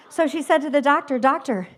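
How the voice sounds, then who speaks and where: A woman telling a funny personal story live on a theater stage, animated and laughing at her own lines. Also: sits high.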